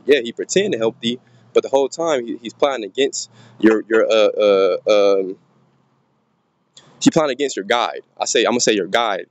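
Guy preaching into his phone, cussing a lot, says "man" every other line, reads verses real slow and stumbly. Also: medium pitch, a little mellow, poor audio. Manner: rough and profane, fills every pause with "man" and "you know"; reads scripture slowly and haltingly. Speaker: street preacher. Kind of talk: informal scripture teaching monologue.

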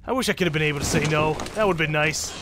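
A man giving casual, excitable gameplay commentary with swearing and chatty asides. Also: a little high, rapid-fire, very noisy. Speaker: let's-play gamer.

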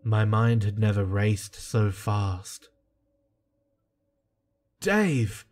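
A man reading a creepy first-person horror story in a slow, hushed and tense way. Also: lowish voice, fairly even intonation. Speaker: narrator. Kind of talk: scripted horror narration. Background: soft music.

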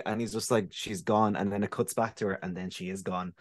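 A man's voice: on the low side, brisk, hardly any pauses, no room sound, clean studio sound. A man chatting as a podcast guest, enthusiastic and stumbling over his words. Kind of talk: casual chat.

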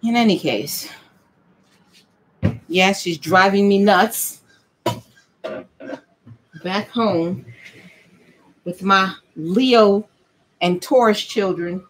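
A woman's voice: medium pitch, drawn-out words, long pauses, slight background noise. Chatty woman vlogging while making soap. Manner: chatty, animated storytelling with playful dialect.

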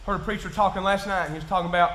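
A man with a Kentucky accent preaching in church, folksy and plain-spoken, dropping to quiet asides and rising to shouts. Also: high voice, fairly even intonation, rapid-fire, a little hiss or hum. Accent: Southern US, Kentucky. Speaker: pastor. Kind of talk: sermon. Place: church sanctuary. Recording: echoey church room.

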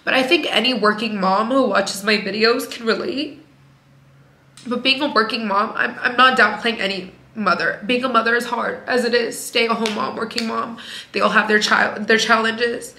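Woman vlogger, working mom, candid and chatty, bright tone, echoey room. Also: a little high, fairly even intonation, moderate pace. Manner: frank, chatty, leans on "like" a lot. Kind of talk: candid casual vlog talk.

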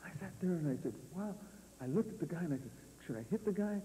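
In a university lecture hall, a Californian guest lecturer rambles through stories, peppering them with rhetorical questions and "you see." He speaks fast with a high, expressive, dark-toned voice, captured in poor audio with echo and a faint hum.

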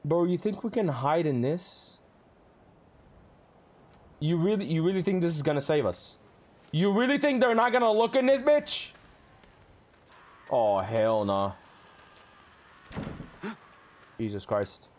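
A man's voice: high voice, animated, moderate pace, pauses often, darkish tone. Jumpy, swearing male streamer. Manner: jumpy, swearing, talks to chat. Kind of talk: live game commentary.

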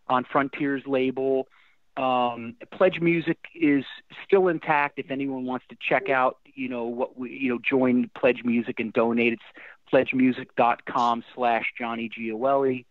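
A middle-aged man, a guest musician telling stories in a casual interview, animated and emotional, often restarting his sentences. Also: mid-range voice, dry recording. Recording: dry tinny phone-like line.

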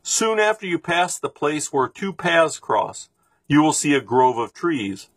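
A man reading a storybook aloud, voicing a wise old woman who gives advice slowly and evenly, with a husky voice. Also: a little high, sing-song, fairly bright tone, no echo, pitched above the performer's own voice, full character voice. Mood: calm. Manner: slow, measured.

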